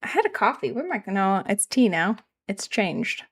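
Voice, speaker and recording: A woman's voice: mid-range voice, very animated, moderate pace. Chatty Canadian woman streaming a game. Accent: regional Canadian. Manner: rambling, self-deprecating, answers chat. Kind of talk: casual live-stream chat while gaming.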